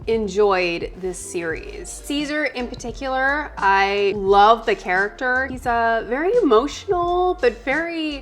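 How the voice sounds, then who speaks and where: A woman's voice: a little high, fairly bright tone. A young woman co-hosting a movie reaction video, talking earnestly and with enthusiasm. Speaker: co-host, first-time movie viewer. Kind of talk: casual chat.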